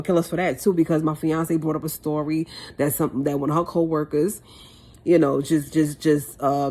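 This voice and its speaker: A woman's voice: low voice, darkish tone. Impassioned woman vlogger repeating herself. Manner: impassioned, repeats phrases for emphasis. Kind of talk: heartfelt monologue to camera.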